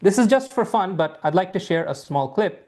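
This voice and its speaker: A man teaching a live online class over a video call, speaking in a measured way and repeating phrases for emphasis. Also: high-pitched, expressive, a little mellow. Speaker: IELTS teacher.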